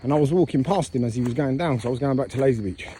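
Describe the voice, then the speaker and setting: A British man with a warm, relaxed voice talks to camera, chatty and self-mocking, drifting from one thought to the next. He walks outdoors at night, with faint crickets and insects behind him. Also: medium pitch, racing, slight background noise. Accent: British English. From England, raised there from about age four. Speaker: travel vlogger. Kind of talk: casual rambling vlog talk. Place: outdoors at night on an island path, walking.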